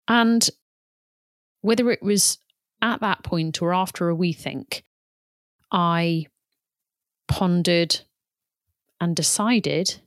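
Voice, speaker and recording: A woman in her thirties, a yoga teacher, talking gently and candidly about her own experience in an unhurried, reflective way. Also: on the low side, no room sound, clean studio sound. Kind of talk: reflective personal talk.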